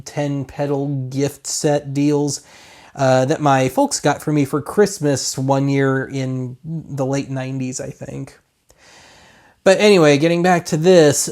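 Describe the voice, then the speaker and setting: A man's voice: fairly high pitch, a little mellow. A man hosting a casual gear demo, explaining things in a rambling, self-deprecating way into a dynamic mic on a stand. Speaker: host.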